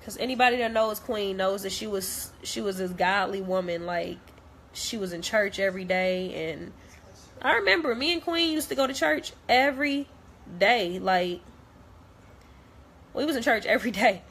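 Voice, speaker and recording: Bright-voiced young woman, heated blunt rant. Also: medium pitch, lively intonation, moderate pace, slight background noise. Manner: blunt, repetitive, heated, profane. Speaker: vlogger. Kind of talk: direct-to-camera rant.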